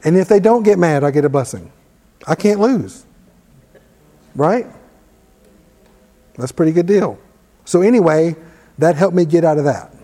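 A man's voice: on the high side, expressive, moderate pace, pauses often, dark tone, long reverb tail. A man teaching informally and telling a personal story, conversational and self-deprecating. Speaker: ministry teacher.

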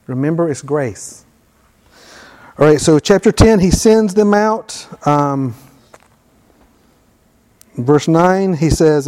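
A man with a high, mellow voice preaching a sermon in a conversational way. He reads scripture aloud with emphasis, and his voice carries a long reverb from a large church hall. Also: lively intonation, slow pace, long pauses.

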